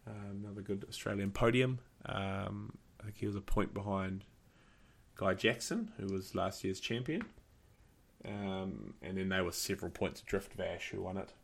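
A New Zealand man with a low, gravelly voice chats casually as a podcast host. He tells stories with a laugh and acts out the other people in them. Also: steady tone, normal speed. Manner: storytelling, laughing, acting out quoted voices. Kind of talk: casual chat.

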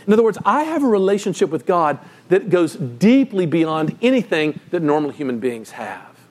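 A man preaching a sermon as pastor, telling the story with emphatic, animated delivery. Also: normal speed. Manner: animated, emphatic storytelling with sudden pitch jumps.

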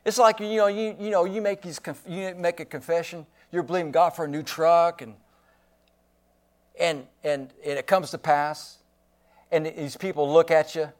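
A man's voice: fairly high pitch, steady tone, moderate pace. A man preaching a sermon as pastor, emphatic and given to repeating his phrases.

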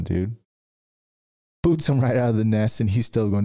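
This man's lowish voice is warm and expressive, moving at a normal speed as he hosts a podcast. Running a dent repair business, he gives rambling, casual business advice full of restarts and acted-out stories.

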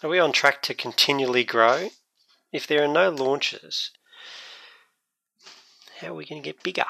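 Bright gravelly male co-host. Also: on the high side, moderate pace. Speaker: podcast co-host. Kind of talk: casual chat.

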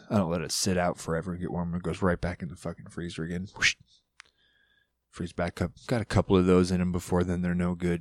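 A man rambling loudly on a casual podcast, swearing as he goes. His voice sits on the low side. The sound is dry and close. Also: dry recording. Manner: loud, profane, rambling. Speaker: podcast guest. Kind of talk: casual monologue.

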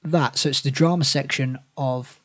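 Low, husky woman. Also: fairly even intonation, normal speed, no room sound. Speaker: podcast co-host. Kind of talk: casual chat.

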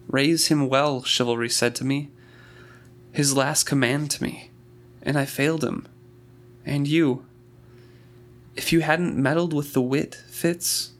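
A man reading aloud voices a gruff, bitter older stablemaster who speaks in blunt, clipped reproach. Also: medium pitch, a bit bright, voice pushed up, lightly acted.

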